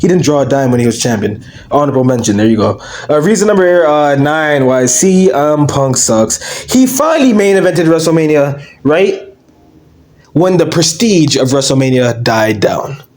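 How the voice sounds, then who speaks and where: A man's voice: fairly high pitch, a little mellow. A young man ranting about wrestling to camera in a brash, profane, mocking way, often trailing off with fillers. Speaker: wrestling commentary YouTuber. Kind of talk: casual ranting monologue to camera.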